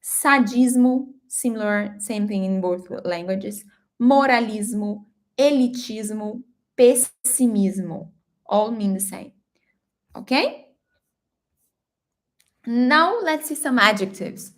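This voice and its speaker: Woman, language teacher, slow unhurried delivery, patient check-ins. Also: medium pitch, animated, a bit bright. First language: Portuguese. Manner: patient, checks in with "okay?" often. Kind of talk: language lesson.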